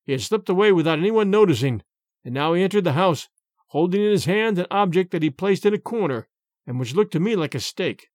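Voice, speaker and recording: A man narrating a story in a measured, expressive way. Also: high-pitched, no echo, studio quality. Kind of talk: storytelling reading.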